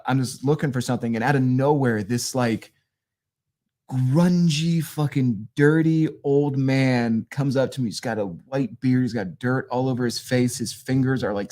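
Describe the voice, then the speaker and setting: A man from northeastern Pennsylvania, a guest comedian telling road stories with a casual, profane, deadpan delivery. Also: mid-range voice, a little slow. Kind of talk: casual storytelling.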